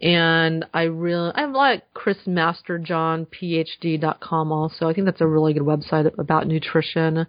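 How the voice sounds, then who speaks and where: A woman's voice: deep voice, steady tone, normal speed, few pauses, no room sound. A woman speaking as a guest in a casual podcast interview, earnest and enthusiastic, with frequent fillers. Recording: dull slightly lo-fi dry sound.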